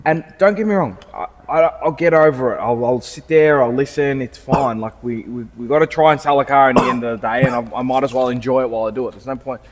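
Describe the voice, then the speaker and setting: Man, car salesman, co-hosts a casual podcast, rambling chat with restarts, mid pitch, long showroom reverb. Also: quick pace, few pauses.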